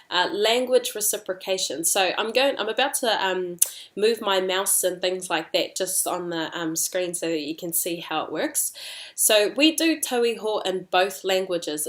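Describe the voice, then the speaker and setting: A woman teaching an online language lesson in a relaxed, chatty way, with fillers and side remarks. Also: medium pitch.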